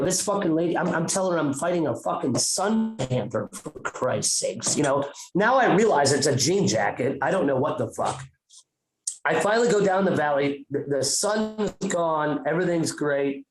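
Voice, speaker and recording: A man's voice: on the high side, a little hiss or hum. Profane rambling man in an echoey room. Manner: profane, rambling, animated retelling. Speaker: podcast host. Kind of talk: comic storytelling. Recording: roomy echo.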